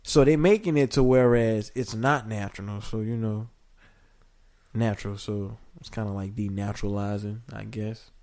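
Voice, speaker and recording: A man co-hosting a casual podcast, talking in an animated, rambling way and laughing often. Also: fairly low pitch, moderate pace. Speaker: podcast co-host. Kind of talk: casual chat.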